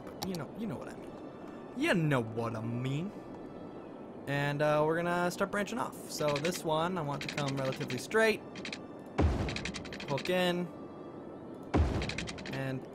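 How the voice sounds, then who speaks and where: Chatty man streaming a game over music. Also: on the high side. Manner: chatty, thinks aloud, gushes with delight. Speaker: live streamer. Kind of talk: live-stream gameplay commentary.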